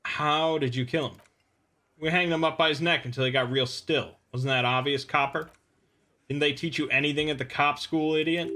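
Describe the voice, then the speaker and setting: A man voicing an angry, hostile male dockworker who shouts and swears in a game. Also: on the high side, steady tone, moderate pace, pitched above the performer's own voice. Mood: furious. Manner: loud, aggressive, swearing.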